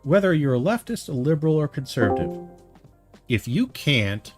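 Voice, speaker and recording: A man's voice: a little high, sing-song, normal speed, over music. A man giving casual, heated commentary on a video, rambling with many fillers and restarts.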